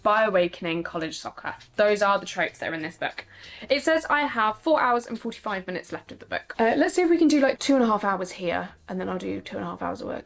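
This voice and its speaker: A young woman with a gravelly, medium-pitched voice chats casually in a reading vlog. The book vlogger rants in an exasperated way and fires off rhetorical questions.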